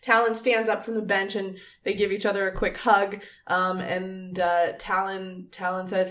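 A woman's voice: medium pitch, little pitch movement, moderate pace, hardly any pauses, fairly bright tone, distant mic. A woman narrating as game master in a casual, rambling way. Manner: casual, lots of fillers.

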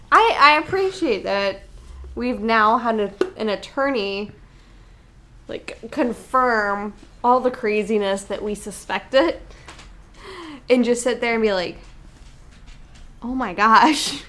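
A woman's voice: fairly high pitch, expressive, slow pace, pushed and bright. Frank woman co-hosting a casual podcast. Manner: frank, swears casually, laughs often. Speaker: podcast co-host.

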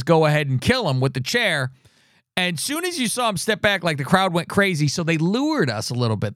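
Male podcast co-host, slightly high voice with a very lively pitch, casual and profane, rambling delivery. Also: no echo, clean studio sound. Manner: animated, profane, rambling with restarts. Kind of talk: casual wrestling podcast chat.

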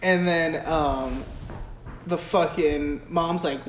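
A young man co-hosting a casual movie podcast, recapping the plot in a crude, profane, animated way. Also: a little high, normal speed. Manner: crude, profane, animated retelling with mimicked quotes. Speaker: podcast co-host. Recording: echoey room with faint background hiss.

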